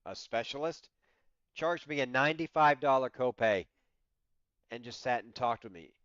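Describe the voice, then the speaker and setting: Chatty sixty-year-old man, smooth and dry. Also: mid-range voice, expressive, normal speed, a bit bright, no room sound, muffled recording. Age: 60s. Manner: chatty storytelling, laughs often, acts out his own quoted lines. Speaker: livestream host. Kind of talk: casual livestream chat.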